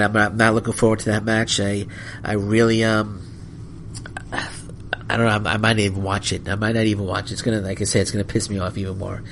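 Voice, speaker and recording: A man's voice: medium pitch, slight background noise. Angry rambling male podcast host. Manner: angry, rambling, apologetic, many restarts. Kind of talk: solo wrestling podcast rant.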